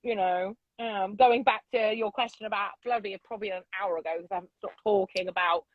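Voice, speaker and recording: A middle-aged woman telling stories as a guest, loud and unapologetic in how she talks. Her voice sits at an ordinary pitch, and the sound is dry and a little dull, like a remote call. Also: steady tone, a little fast, no echo. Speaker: podcast guest. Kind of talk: casual interview chat. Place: vintage bus.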